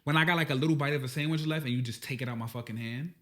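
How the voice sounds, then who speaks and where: A man's voice: medium pitch, rapid-fire, a bit bright. A man hosting a podcast, chatting casually in a blunt, profane, joking way. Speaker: podcast host. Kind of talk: casual chat.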